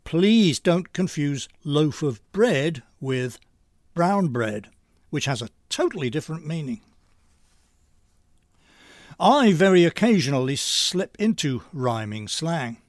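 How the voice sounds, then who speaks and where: An older British man hosting a scripted monologue, delivered with wry, dry humor at a measured pace. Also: fairly high pitch, very animated, dry recording. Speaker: host.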